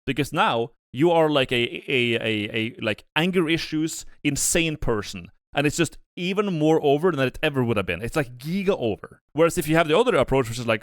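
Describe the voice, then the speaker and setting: A man's voice: on the high side, animated, brisk, hardly any pauses, no echo, studio quality. A young man commenting on a live stream, rambling with many restarts and blunt swearing. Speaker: streamer reacting to a video.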